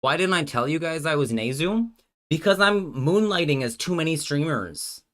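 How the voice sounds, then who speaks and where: A man's voice: on the high side, expressive, moderate pace, fairly bright tone. Man streaming, joking and thinking aloud. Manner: joking with chat, thinking aloud, trailing off mid-sentence. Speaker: streamer and host. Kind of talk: casual live-stream chat while working out card game plays.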